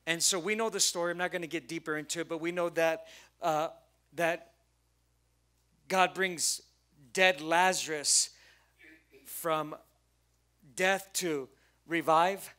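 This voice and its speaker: A man preaches a sermon with a high, ringing voice. He tells the story with drama and acts out its people. He swings between loud, emphatic lines and quiet, hushed ones. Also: unhurried, pauses often. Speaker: pastor.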